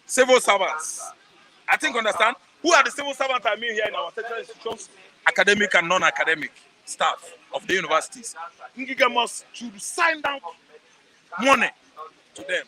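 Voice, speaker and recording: A crowd can be heard behind a middle-aged Nigerian man giving a heated street interview in a high, animated voice at a fairly quick pace. He preaches, repeats phrases to drive points home, sometimes shouts, and questions himself rhetorically. The audio is low quality.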